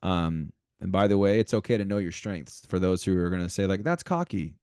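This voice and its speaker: Deep-voiced man hosting a motivational podcast. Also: a little fast, clean tone, dry recording, studio quality. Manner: animated, repeats himself, talks straight to listeners. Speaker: podcast co-host.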